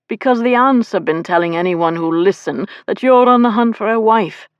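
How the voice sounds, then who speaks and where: A woman's voice: mid-range voice, normal speed, smooth, dry recording, highs cut off, voice pushed up, close to an everyday voice. Wry married lord read by a woman, drawling, dry studio audiobook. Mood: earnest. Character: happily married nobleman, steady and wry. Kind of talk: audiobook character voice.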